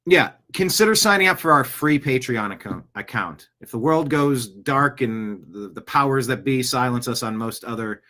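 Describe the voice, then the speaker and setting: A man's voice: medium pitch, animated, moderate pace, hardly any pauses, bright, forceful tone. Rambling male news podcaster. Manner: rambling, jokey, slips into silly voices. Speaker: podcast host. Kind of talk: casual news commentary.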